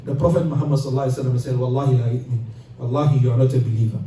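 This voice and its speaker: A man's voice: high voice, darkish tone, slight background noise. A man preaching a mosque sermon, telling moral stories and acting out the voices of the characters in them. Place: mosque hall. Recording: echoey hall recording from far off.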